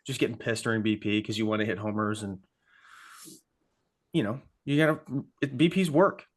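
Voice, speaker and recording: A man's voice: fairly low pitch, normal speed. A man co-hosting a casual podcast as a youth baseball coach, talking up his players with enthusiasm.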